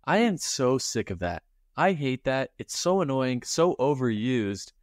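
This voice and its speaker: A man's voice: medium pitch, big pitch swings, a little slow, dry recording, studio quality. A man co-hosting a podcast in casual chat, ranting in an exasperated way and mimicking hype-man voices. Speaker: podcast co-host.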